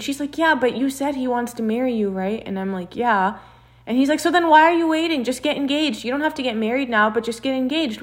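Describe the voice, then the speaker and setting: A young woman telling a personal story in casual chat, acting out what others said. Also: medium pitch. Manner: animated storyteller, acts out quotes.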